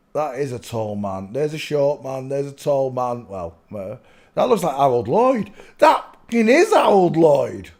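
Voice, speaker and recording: A man's voice: fairly high pitch, a little mellow. A man hosting his channel, rambling through casual commentary in a swearing, easily giggling manner. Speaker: channel host.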